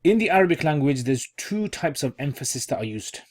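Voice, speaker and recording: A man's voice: on the high side, very animated, fairly quick, a little mellow. Casual man teaching Arabic grammar online. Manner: casual, repeats key terms, thinks aloud while explaining.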